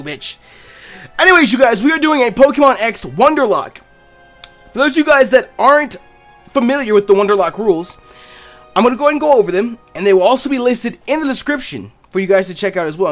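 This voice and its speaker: Loud, cursing man doing game commentary, high and very animated; faint game music behind. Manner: loud, boisterous, cursing and joking. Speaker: Let's Play host. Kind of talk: casual gameplay commentary.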